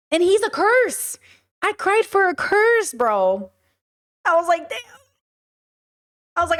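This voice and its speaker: A young woman hosting her channel, chatting casually about shows in an animated, swearing way, often saying bro. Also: high voice. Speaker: channel host. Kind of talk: casual commentary chat.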